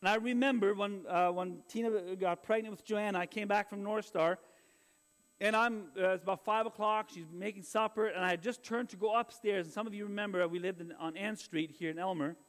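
A man's voice: sits high, steady tone, brisk, fairly bright tone. A middle-aged male pastor preaching a sermon in an earnest, confessional way, often restarting his phrases.

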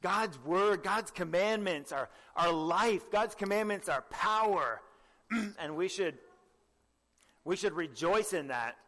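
A young man preaching a sermon with earnest exhortation, often asking the listeners direct questions and clearing his throat. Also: high-pitched, lively intonation, takes it slowly, a bit bright, big-room sound.

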